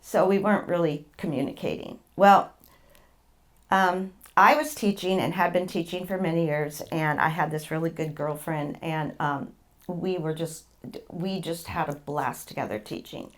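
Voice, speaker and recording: Talking at a normal speed with a low-pitched voice, this middle-aged woman shares her personal story as a patient guest. Her candid account wanders, with repeated words and bursts of laughter.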